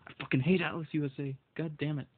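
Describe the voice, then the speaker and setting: A man's voice: on the high side, steady tone, quick pace, slightly rough. Furious swearing man, tinny sound. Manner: furious, swears constantly, stumbles over words. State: voice shaking with anger. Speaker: video game vlogger. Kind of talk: angry solo rant.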